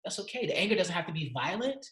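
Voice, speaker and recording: A man's voice: high-pitched, very animated, fast talker, a bit bright. A man talks as an activist guest in a casual podcast chat. He speaks with passion and emphasis, swearing freely. His voice carries the roomy echo of the space around him.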